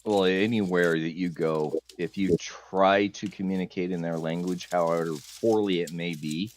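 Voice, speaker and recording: A man in a casual chat, chiming in with quick wisecracks. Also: deep voice, fairly even intonation.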